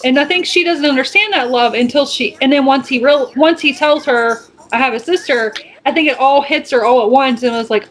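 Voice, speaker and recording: A woman co-hosting a podcast, casually retelling scenes with quick asides. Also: high voice, fairly bright tone, rough recording. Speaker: podcast co-host. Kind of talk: casual chat.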